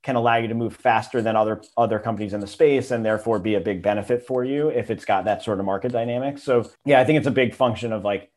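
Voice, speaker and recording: A man guesting on a business podcast as an investor, talking in a relaxed way with many fillers. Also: fairly low pitch, quick pace, hardly any pauses. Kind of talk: casual interview.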